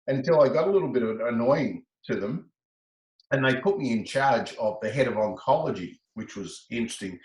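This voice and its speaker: Aussie guy, middle-aged, chatty and laughing a lot as he tells his story, roomy sound. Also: mid-range voice. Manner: animated, breaks into laughter, repeats words. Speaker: interview guest, laughter specialist. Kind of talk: storytelling in a casual interview.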